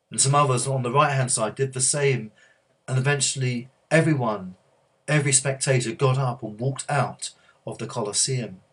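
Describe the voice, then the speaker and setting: A man preaching, telling a story with many halting restarts and growing hushed and earnest. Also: medium pitch, husky. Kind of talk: sermon storytelling.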